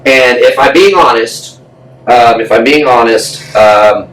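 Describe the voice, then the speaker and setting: A male podcast guest tells a story in a blunt, profane, casual style, acting out the voices of the people he quotes. His voice is mid-range and fairly bright, his pace slow, and the recording has an echoey room, a distant mic and faint noise.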